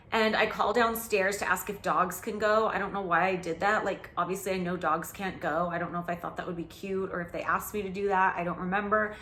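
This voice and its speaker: A woman's voice: medium pitch, fairly bright tone, reverberant. A woman in her forties chatting candidly through a reaction commentary, self-mocking, with lots of "like". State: out of breath. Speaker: host reacting to her old TV show. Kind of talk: casual commentary vlog.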